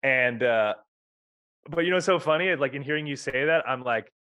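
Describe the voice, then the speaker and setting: A man hosting a podcast in casual conversation, animated and swearing freely as he tells stories. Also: medium pitch, normal speed, no echo. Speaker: podcast host.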